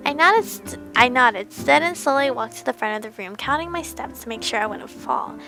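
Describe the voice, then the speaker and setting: Young woman streamer, bright and a bit high, giggly narrator with music under. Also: animated, a little slow, low-quality recording. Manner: playful, giggly asides between narration. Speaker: game streamer. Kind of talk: reading a visual novel aloud with reactions.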